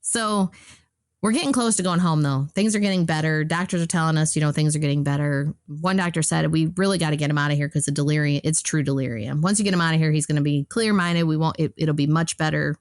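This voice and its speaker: A woman's voice: deep voice, fast, no room sound, studio quality. A woman guest on a podcast, telling a personal story in a casual, rambling way with many fillers and restarts.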